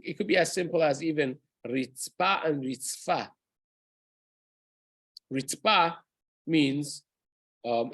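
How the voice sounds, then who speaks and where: Husky-voiced rabbi teaching a lesson. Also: male voice, a little high, no room sound, rough recording. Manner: explanatory, with frequent restarts and "right?" checks; drops into chanting Hebrew verses. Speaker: rabbi teaching a daily halacha class. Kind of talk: casual Torah lesson.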